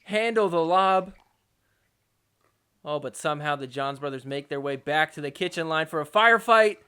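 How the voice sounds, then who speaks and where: High, bright-voiced excitable male podcaster. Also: moderate pace, clean tone. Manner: excitable, joking, mock-outraged. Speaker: podcast host recapping matches. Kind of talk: casual sports recap commentary.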